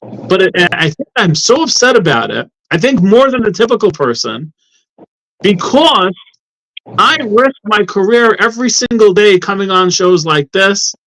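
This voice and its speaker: A man's voice: high voice, very animated, measured pace, fairly bright tone, low-quality recording. A man guesting on a talk show as a law professor, speaking in an indignant, impassioned way. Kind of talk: heated talk-show discussion.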